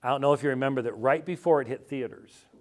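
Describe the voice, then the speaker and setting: Casting: American male theologian guest, wry, animated talker, mid pitch. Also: fast talker. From United States. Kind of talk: conversational interview answer.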